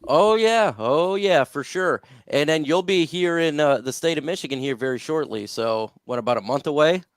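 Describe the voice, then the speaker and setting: A man's voice: on the high side, normal speed, clean tone, dry recording, clean studio sound. A man hosting a casual sports talk livestream, upbeat, plugging his radio spot between takes. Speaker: host.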